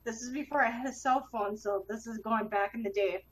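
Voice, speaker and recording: A woman's voice: on the high side, fairly quick, low-quality recording. A woman hosting a casual podcast chat, giving short reactions and laughing often as she tells her own story. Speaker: podcast host.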